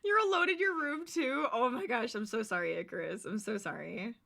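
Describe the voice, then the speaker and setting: Giggly woman chatting w her stream chat while crocheting at home, bright tense voice, kinda high. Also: a little fast, creaky. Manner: bubbly and giggly, chatting to viewers.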